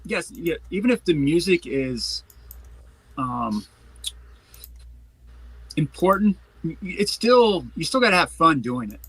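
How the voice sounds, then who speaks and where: A male co-host who backs up the guest, repeating himself and tripping over his words. His voice is sharp and bright with a husky edge, and it sounds dry and close to the mic. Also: on the high side, very animated, unhurried, pauses often, no echo, low-quality recording. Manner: encouraging, repetitive, stumbling. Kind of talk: casual chat.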